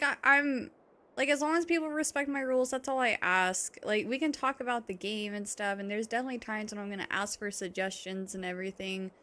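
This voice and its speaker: A woman's voice: mid-range voice, fairly bright tone. A woman game streamer talking to her chat in a casual, gushing and emotional way.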